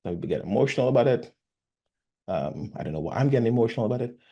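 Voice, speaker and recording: A man's voice: mid-range voice, very fast, slightly rough, lo-fi sound. A man coaching on sales, casually talking through a sales call and acting out both sides of it. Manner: animated, acts out sales calls. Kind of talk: casual conversation.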